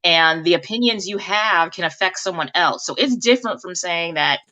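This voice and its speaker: A woman hosts a live-stream talk show in a lively, chatty way. She laughs easily as she talks. Her voice is bright and clear. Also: on the low side, moderate pace. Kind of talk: casual live-stream hosting.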